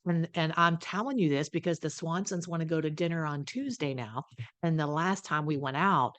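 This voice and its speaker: A woman's voice: low-pitched, normal speed, a bit bright. A woman recovery coach talking straight to camera from home, blunt and emphatic, swearing freely and acting out what other people say. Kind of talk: casual direct-to-camera talk.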